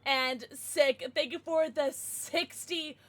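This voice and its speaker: A woman live-streaming gameplay, talking to chat, excitable, shrieking and laughing, swearing freely. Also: sits high, takes it slowly, dry recording. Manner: chatty, swears, thanks chat.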